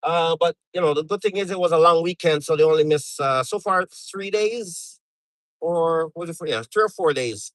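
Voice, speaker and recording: A middle-aged man from Canada rambles through a casual live stream chat, full of fillers and restarts. His voice sits a bit high for a man. The sound is dry and close. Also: normal speed, fairly bright tone, no room sound, poor audio.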